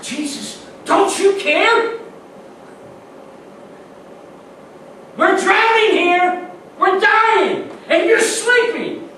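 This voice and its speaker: Desperate shouting fishermen a man acts out, high pleading cries, echoey church, distant mic, background noise. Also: slow pace, heavily acted. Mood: panicked pleading. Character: panicked fishermen disciples crying out in a storm.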